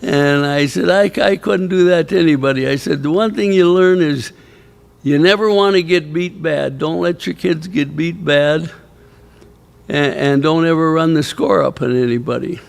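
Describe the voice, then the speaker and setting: Older male former coach, gravelly, slightly high voice, meandering anecdotal speaker. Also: moderate pace. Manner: rambling anecdotal storyteller, chuckling, quoting others. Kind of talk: storytelling speech at an awards ceremony. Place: banquet hall at a ceremony.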